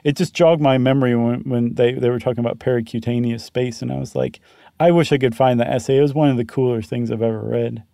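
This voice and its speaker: A man's voice: medium pitch, fairly even intonation, fast, vocal fry, dark tone, no echo. Male podcast co-host, mid-range voice, thoughtful explainer, dry close mic. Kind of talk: casual chat.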